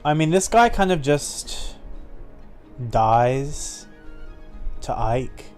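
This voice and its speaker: A young Australian man talks through his game stream in a chatty, self-deprecating way, thinking aloud as he plays. His voice rides fairly high with lively swings, over faint background music. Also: very slow. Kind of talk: live-streamed game playthrough.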